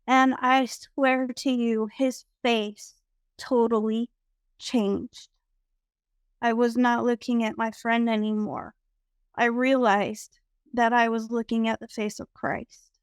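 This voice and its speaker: A woman tells a deeply personal story at an unhurried pace, pausing often. Her voice sits a little high and sounds smooth and clear. The recording is dry, with no room sound. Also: dry recording. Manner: slow, reflective, with frequent "um" pauses. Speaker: guest sharing a spiritual experience.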